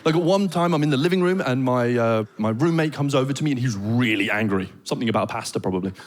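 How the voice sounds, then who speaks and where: A British man doing a stand-up comedy set on a theater stage, telling animated stories full of comic voices and mock Danish. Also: mid-range voice, fast. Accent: British English. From Britain. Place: theater stage before a live audience.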